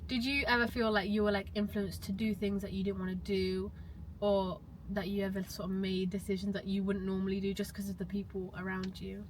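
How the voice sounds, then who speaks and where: A woman hosting a casual podcast, asking quick, chatty questions. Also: medium pitch, little pitch movement, rough recording. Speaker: host. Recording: faint background hiss.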